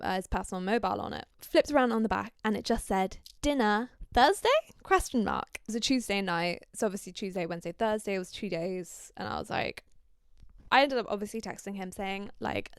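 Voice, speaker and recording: A young woman from Scandinavia hosting a podcast, telling a story in an animated, gossipy way and swearing freely. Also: medium pitch, vocal fry, clear, resonant tone, dry recording, studio quality. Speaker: podcast host. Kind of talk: casual storytelling chat.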